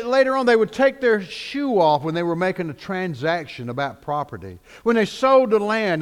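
Animated male preacher in a hall. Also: sits high. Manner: animated preaching with voiced quotes. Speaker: pastor. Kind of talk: sermon. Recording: echoey hall.

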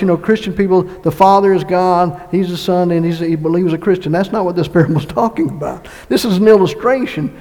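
A male pastor delivers a sermon in a church sanctuary, his high voice carrying a gravelly rasp. He shifts from loud emphatic swells down to quiet, hushed passages. His words echo with the long reverb of the room. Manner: preaching with sudden loud swells and hushed drops.

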